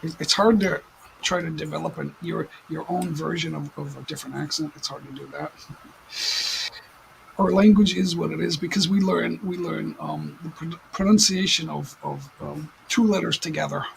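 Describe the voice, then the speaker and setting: An American man chats loosely on his home livestream, his voice deeply gravelly and sitting slightly high for a man. He rambles, stops and restarts, and fills gaps with "um" and "uh". A faint hiss of room ambience sits behind him, and he is a little distant from the mic. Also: fairly even intonation. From United States. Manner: rambling, halting with many fillers and restarts. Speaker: livestream host. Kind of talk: casual livestream chat. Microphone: desk mic at some distance.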